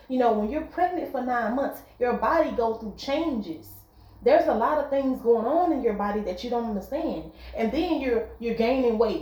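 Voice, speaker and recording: A woman's voice: a little high, a little mellow. Earnest woman talking in an echoey room. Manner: earnest, repetitive, conversational. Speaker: vlogger giving relationship advice. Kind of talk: casual monologue.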